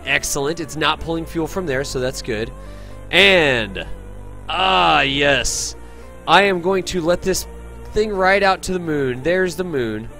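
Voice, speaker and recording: Upbeat male streamer, higher voice, friendly gameplay talk over faint music. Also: lively intonation, slow pace, creaky, bright, forceful tone. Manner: upbeat and chatty, thanks viewers, calls people dude. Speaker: game streamer. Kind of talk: live gameplay commentary, reading chat.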